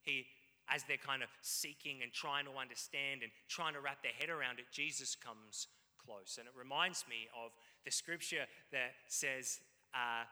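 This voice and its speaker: Bright-voiced male preacher in a reverberant hall. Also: mid-range voice, measured pace. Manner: animated storytelling with audience asides. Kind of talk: sermon.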